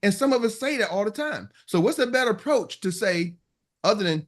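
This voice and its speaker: Brief: male coach, high-pitched, emphatic and repetitive, motivational group-call style. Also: expressive, fairly quick. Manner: emphatic, repeats himself, acts out customer lines. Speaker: sales coach and host.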